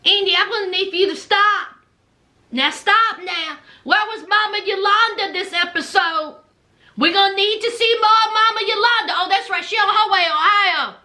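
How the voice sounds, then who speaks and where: A woman's voice: very high voice, moderate pace, pushed and bright. A woman, recapping a reality show in a blunt, sassy way to her viewers. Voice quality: thick accent. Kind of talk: casual recap vlog.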